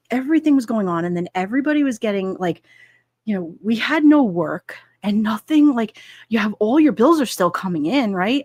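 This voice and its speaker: A woman's voice: mid-range voice, no room sound, studio quality. A middle-aged woman hosting a livestream, chatting casually and rambling with frequent laughs while she reads out chat comments. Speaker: livestream host reading chat.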